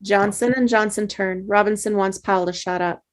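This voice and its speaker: A woman reads the stage directions of a script in an even, matter-of-fact manner. Her pitch sits in the middle range, and it is a table read done over a video call. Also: normal speed. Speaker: narrator reading stage directions.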